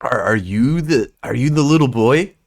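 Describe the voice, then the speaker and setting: A man's voice: medium pitch, animated, normal speed, creaky, no room sound, studio quality. A man voicing a brash young boy who boasts and protects his little sister. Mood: curious.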